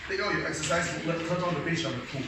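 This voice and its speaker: A man's voice: fairly high pitch, racing. A man with a Malaysian English accent teaching chemistry to a class, constantly checking that students follow along. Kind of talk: live classroom lecture. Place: school classroom. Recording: echoey room, mic far off, faint noise.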